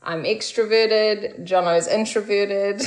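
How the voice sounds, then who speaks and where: A woman's voice: mid-range voice, fairly even intonation, takes it slowly, rough recording. A woman in her thirties, chatty and laughing easily, a guest in casual conversation.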